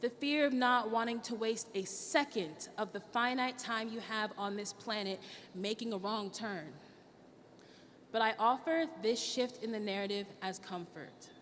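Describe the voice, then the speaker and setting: A young woman gives a commencement speech in an earnest, heartfelt way. Her voice sits a little high. It rings through a large hall with long reverb and faint background noise. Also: measured pace, fairly bright tone. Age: young adult. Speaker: student speaker.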